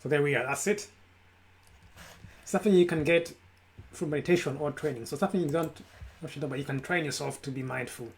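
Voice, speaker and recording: A man's voice: fairly high pitch, fairly quick, pauses often. Emphatic man giving a mindfulness pep talk. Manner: emphatic, repetitive lists. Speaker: self-help speaker. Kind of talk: live motivational talk. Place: his room. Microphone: camera.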